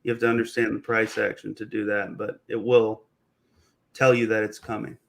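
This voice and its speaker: A young man, a guest trader, calmly explaining stock charts in a casual, slangy way. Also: on the low side, normal speed, vocal fry. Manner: relaxed, explains plainly with slang. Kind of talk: casual chart analysis on a livestream.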